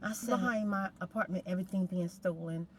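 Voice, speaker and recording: A woman's voice: on the low side, steady tone, brisk, a little hiss or hum. A middle-aged woman hosting a storytime, talking casually in a rambling, conversational way. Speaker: ASMR storytime host.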